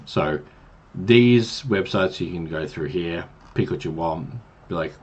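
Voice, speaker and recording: A man's voice: sits low, normal speed, fairly bright tone, breathy edge. A man casually giving tips to new game masters on a livestream, rambling and chatty with many fillers. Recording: dull lo-fi stream mic.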